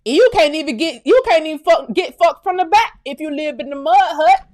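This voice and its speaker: A woman vlogger with a somewhat high voice rants straight to her audience. She is heated and profane, dropping to a low mutter and then rising to a shout. She is from the United States. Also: animated, brisk. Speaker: channel host. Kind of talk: ranting commentary vlog.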